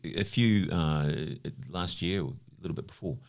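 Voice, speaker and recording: A man in his fifties from New Zealand talks as a podcast guest, and his voice sits extremely low. He tells stories casually and freely, scattering "you know" through his sentences. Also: normal speed, darkish tone. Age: 50s. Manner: chatty anecdotal, lots of "you know" fillers. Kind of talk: casual conversational storytelling.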